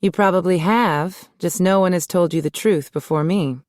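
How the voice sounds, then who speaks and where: A spirited, teasing young woman, read by the narrator in an audiobook. She asks light, prodding questions, in a fairly low voice with a dry, close studio sound. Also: moderate pace, darkish tone, no room sound, close to an everyday voice.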